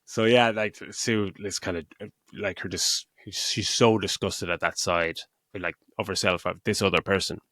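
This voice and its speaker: His voice is deep and steady, bright-ish, at normal speed with hardly any pauses. The middle-aged podcast co-host recaps a film's story in laid-back review chat, swearing liberally and laughing throughout.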